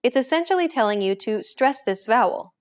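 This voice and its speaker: A woman's voice: on the high side, fairly quick. Woman hosting a scripted language lesson. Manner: clear, even, instructive delivery.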